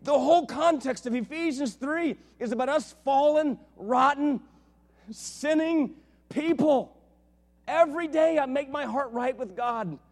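A preacher man with a high, lively voice gives a sermon, dropping to a hush and then climbing back up. His words ring out with a long reverb, as if spoken in a church hall. He mixes scripture with family stories. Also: measured pace. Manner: animated, swings from hushed to loud, tells family anecdotes. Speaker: pastor.

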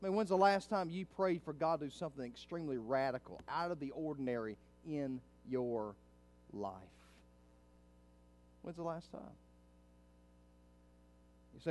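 A middle-aged man delivers a Sunday sermon from a church pulpit. His voice sits a little high for a man, and he moves between quiet, low stretches and loud, fervent climaxes. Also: moderate pace, long pauses. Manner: swings from hushed to loud preaching climaxes. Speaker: pastor.

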